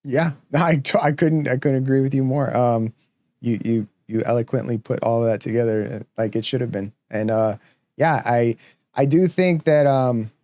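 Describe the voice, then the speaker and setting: A man's voice: medium pitch, moderate pace, mellow, dry recording. A man hosting a podcast interview, agreeable and casual, with stumbling restarts. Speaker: podcast host.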